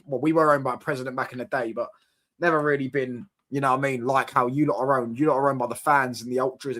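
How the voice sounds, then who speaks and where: A young guy runs a laid-back football livestream, chatting animatedly with his viewers. He piles on fan slang and keeps asking "do you get what I'm saying." His pitch sits in the middle range.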